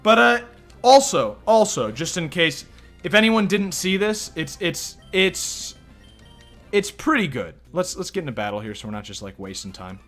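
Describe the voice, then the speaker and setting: A man's voice: high voice, sing-song, normal speed, fairly bright tone, faint music behind. A young man hosting a let's play, rambling and incredulous in casual game commentary.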